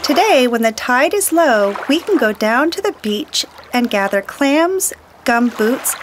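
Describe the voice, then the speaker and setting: A woman storyteller reading a children's picture book aloud, slow, gentle and deliberate. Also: high-pitched, big pitch swings, a little hiss or hum.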